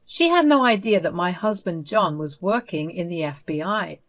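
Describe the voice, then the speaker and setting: A woman's voice: lowish voice, expressive, normal speed. A woman narrating a first-person story in a tense, dramatic retelling.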